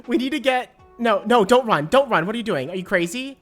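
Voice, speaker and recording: A woman streaming a game live, chatting to her viewers and breaking into excited squeals and laughter. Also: fairly low pitch, fast, hardly any pauses, faint music behind. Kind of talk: live gameplay stream chat.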